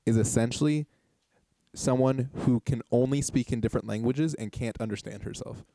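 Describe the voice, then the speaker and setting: Mellow-voiced man rambling through a setup. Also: mid-range voice, normal speed, vocal fry, dry recording. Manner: rambling, restarts, laughs while explaining. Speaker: host setting up an improv sketch. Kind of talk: casual chat and sketch narration.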